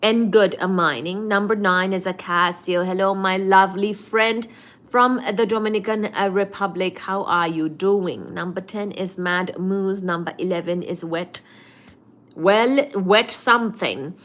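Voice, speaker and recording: A woman's voice: medium pitch, fairly even intonation, a little slow, fairly bright tone. A woman hosting a late-night livestream, chatting and greeting viewers by name before explaining cosmology with many fillers. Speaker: livestream host teaching physics.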